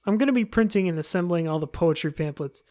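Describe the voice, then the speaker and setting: A woman's voice: fairly low pitch, lively intonation, dark tone, close to an everyday voice. Confident, bossy teen girl read by a woman for a game read-through. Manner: bossy, brisk. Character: confident teenage club president, Monika.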